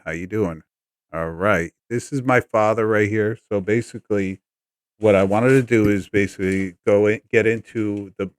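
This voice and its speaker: A man's voice: on the low side, no room sound. A man hosting a casual live stream, greeting viewers one by one and coaching his guest on the mic. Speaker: livestream host.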